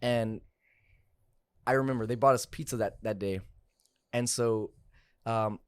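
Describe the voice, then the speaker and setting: A man's voice: medium pitch, steady tone, measured pace, clear, resonant tone, no room sound, clean studio sound. A young man, a car salesman and podcast guest, telling a story in loose, profane casual chat. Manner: loose, profane, lots of fillers like "like" and "bro".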